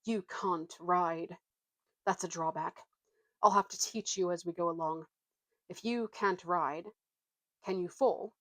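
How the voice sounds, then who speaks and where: A woman's voice: lowish voice, takes it slowly, long pauses, fairly bright tone, dry recording. A woman voicing a proud male talking warhorse, haughty and lofty, drawing out her words. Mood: scornful.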